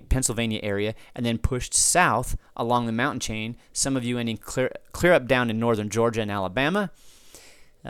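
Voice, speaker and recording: A man's voice: medium pitch, clean tone, dry recording. A man hosting a podcast, talking off the cuff to answer listener feedback, rambling with restarts and asides. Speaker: podcast host.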